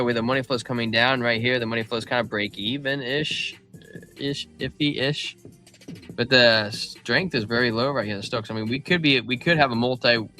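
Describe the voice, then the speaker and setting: A man hosting a casual crypto livestream, running through charts in an excitable, slangy way. His voice sits at an ordinary middle pitch with a bright, forceful tone. Faint music plays underneath. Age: adult father of a young child. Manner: loose, slangy, excitable, calls listeners man and bro. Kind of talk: casual market chart commentary.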